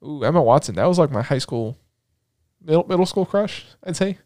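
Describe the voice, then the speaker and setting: A young man chats on a podcast in a slightly raised voice, excitable and rambling, cracking jokes. The sound is dry and close. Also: on the high side, fairly quick, no echo. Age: young adult. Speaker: podcast co-host. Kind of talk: casual chat.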